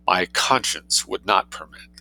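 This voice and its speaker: A man's voice: medium pitch, very animated, moderate pace, gravelly, pushed and bright, exaggerated voice, rough recording. A man reading aloud, voicing a prim, calculating young girl who haggles with cold dignity. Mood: cold dignified. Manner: cold dignity, coolly mercenary.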